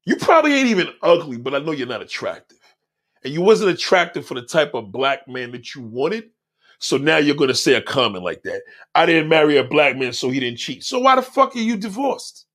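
A man hosting a livestream, reading chat comments aloud and mocking them in a loud, profane rant. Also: a little high, brisk. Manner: loud, animated, heckling and mocking. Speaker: livestream host.

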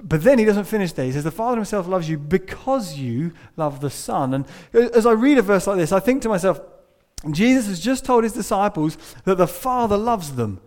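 Guy giving a sermon, slightly high voice, goes quiet then punchy. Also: expressive, moderate pace. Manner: storytelling, shifting between hushed and emphatic. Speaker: preacher.

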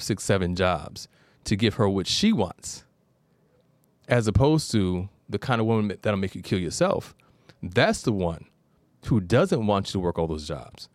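A man's voice: lowish voice, darkish tone, dry recording. A man hosting an advice show, talking casually and telling stories with digressions. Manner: conversational storyteller, digressive. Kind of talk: casual call-in advice talk.

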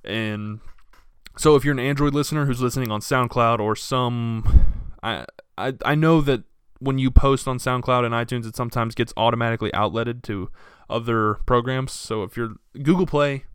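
A man's voice: mid-range voice, moderate pace, clear, resonant tone, no room sound, clean studio sound. Young man ranting on a solo podcast. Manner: casual, profane, storytelling with animated quoted voices. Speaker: podcast host.

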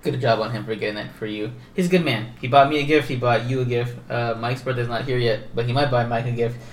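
Podcast co-host, male, lively storyteller who voices quotes and laughs; echoey room, mic set back. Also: mid-range voice, quick pace, far from the mic. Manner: animated storytelling, acts out quotes, swears, laughs often. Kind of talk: casual chat about collectibles.

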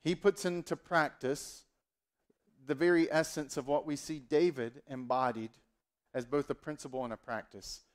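Brief: male pastor, direct rhetorical sermon delivery, somewhat high pitch. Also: steady tone, moderate pace. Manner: direct, rhetorical, addresses listeners.

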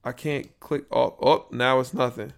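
Speaking at a middle pitch with a gravelly, creaky texture, a young podcast host chats on his own in a rambling, slang-filled way, full of asides. His tone stays steady and his pace measured as he fixes his audio live, recorded through a built-in computer mic.

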